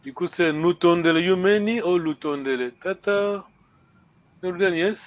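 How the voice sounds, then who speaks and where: A man with a slightly raised pitch teaches a language class online, stopping often to repeat words and check that his students follow. The sound comes through a video call and is muffled and lo-fi. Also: moderate pace.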